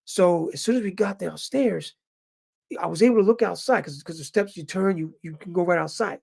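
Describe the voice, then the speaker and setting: A man in his fifties telling his viewers a story in a casual, animated way and calling them brothers. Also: high voice, brisk, vocal fry, slightly rough. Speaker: vlogger living in Japan.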